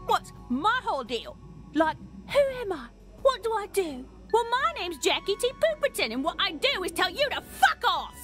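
A shrill, very high alien, snapping and swearing at everyone. The voice leaps wildly between lines in this game scene. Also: female voice, big pitch swings, normal speed, fairly bright tone, soft background music, exaggerated voice. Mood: hostile. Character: hostile, foul-mouthed alien city dweller.

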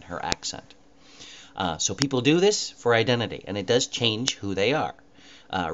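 A man's voice: fairly low pitch, a bit bright. A man giving a recorded mini lecture, talking conversationally and putting questions to his students. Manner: conversational, asks students questions, many uh fillers. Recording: dull lo-fi recording with clear noise.

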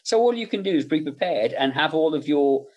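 A man's voice: fairly high pitch, expressive, fairly quick, lo-fi sound. Middle-aged man telling chuckling anecdotes. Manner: anecdotal, self-interrupting, chuckling asides. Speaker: special make-up effects artist, guest. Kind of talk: podcast interview storytelling.

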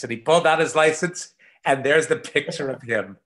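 A man, a guest on a video call, telling anecdotes with animated energy and soft asides. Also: mid-range voice, moderate pace.

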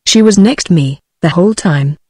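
A text-to-speech woman's voice with a British English accent, reading a novel aloud and giving every character the same even delivery. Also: on the low side, moderate pace, husky, no echo, studio quality. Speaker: audiobook narrator.

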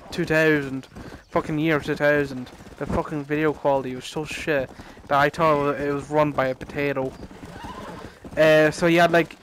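A man's voice: fairly high pitch, slight background noise, rough recording. A young man rambling through a casual story over gameplay, swearing a lot and laughing at his own rant. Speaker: gaming commentator.

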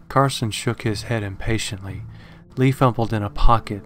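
A man narrating a horror story in a measured, dramatic reading. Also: lowish voice, a bit bright. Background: faint horror background music.

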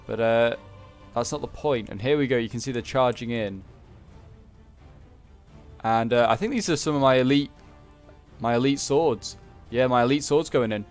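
A man's voice: mid-range voice, smooth. A man giving casual, chatty commentary over a strategy game battle, rambling and correcting himself as he goes. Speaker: gaming video creator.

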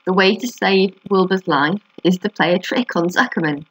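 Woman reading a storybook spider, female, clever, patient, calm, thoughtful, lowish voice. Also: moderate pace, slightly rough, no echo, low-quality recording. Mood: musing.

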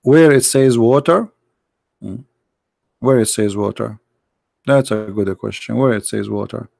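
A man's voice: mid-range voice, unhurried, vocal fry, a little mellow, dry recording. Mocking man with a dry close sound. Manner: mocking, sarcastic, repeats "brother" often; non-native English with broken grammar. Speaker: host of a call-in religious debate show. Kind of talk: heated live debate with callers.

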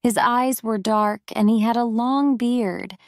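A woman narrating a story for English learners in a clear, deliberate way. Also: on the high side, no echo, studio quality.

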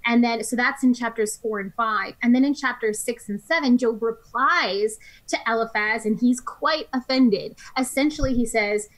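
A woman with a fairly high voice co-hosts a Bible study discussion. She moves quickly through each chapter and sums up the story in plain everyday words. Her speech is clear and close to a studio microphone. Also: poor audio. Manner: retells scripture in her own words, with brisk summaries.

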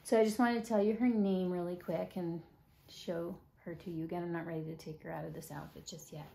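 A woman chatting casually to camera about her collection, often dropping into soft whispers. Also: fairly low pitch, fairly even intonation, fairly quick, vocal fry. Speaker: doll collector vlogger.

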